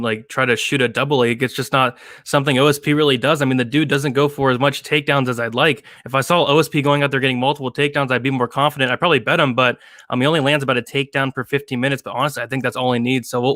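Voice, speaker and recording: A man's voice: medium pitch, fairly even intonation, very fast, hardly any pauses, a bit bright, dry recording, clean studio sound. A man co-hosting a casual sports podcast, giving easygoing fight analysis. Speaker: podcast co-host.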